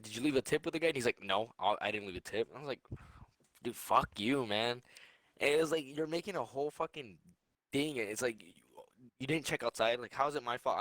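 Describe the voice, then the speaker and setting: A man's voice: mid-range voice, fairly bright tone, dry recording. A young man co-hosting a podcast, telling a rambling, swearing story in casual chat. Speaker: podcast co-host.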